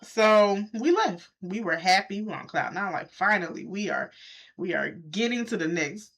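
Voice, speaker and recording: Animated woman telling a story. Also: normal speed. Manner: animated, talks straight to viewers, jumps high when quoting. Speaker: vlogger. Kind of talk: casual storytelling to camera.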